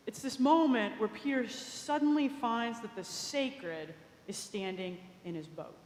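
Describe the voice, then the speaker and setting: A woman's voice: a little high, expressive, a little slow. A woman preacher retelling a story in a conversational sermon, with small asides. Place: large cathedral. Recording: echoey cathedral with long reverb.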